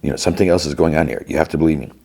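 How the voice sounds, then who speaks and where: An urgent male investigator pleading his case in a very deep voice, as a man puts him on. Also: very fast, creaky, dark tone, heavily acted.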